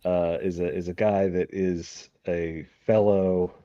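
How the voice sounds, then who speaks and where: Low dark-voiced man running a game. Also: level tone, no room sound, muffled recording. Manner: halting, many fillers and restarts. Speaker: game master. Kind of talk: narrating a tabletop game.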